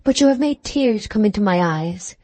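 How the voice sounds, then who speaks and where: A woman's voice: mid-range voice, animated, moderate pace, warm tone, no room sound, natural voice. A woman voicing a proud, passionate young woman farmer in an audiobook, speaking in heightened, emotional period dialogue. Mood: pleading.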